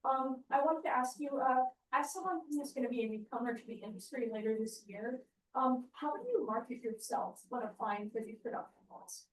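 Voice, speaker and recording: A young woman student producer asking a polite question at a panel, slightly nervous and halting. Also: sits high, expressive. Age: young adult. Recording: echoey, far from the mic, faint noise.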